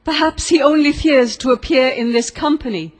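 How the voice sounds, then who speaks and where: A woman's voice: high-pitched, moderate pace, in a large hall, voice pushed up, natural voice. A woman reading the lines of a grave and mysterious monk in a spoken story. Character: mysterious grave male monk, solemn stranger.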